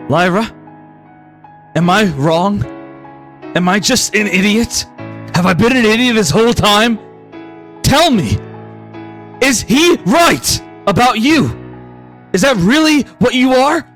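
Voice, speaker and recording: A man playing a fierce young fighter, blood on his hands, who speaks in a level, monotone voice with a high pitch for a man. Faint music plays underneath. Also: takes it slowly, long pauses, heavily acted. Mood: pleading. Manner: pleading then firm, monotone. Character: intense young man confronting a woman, blood-stained, steady and unflinching.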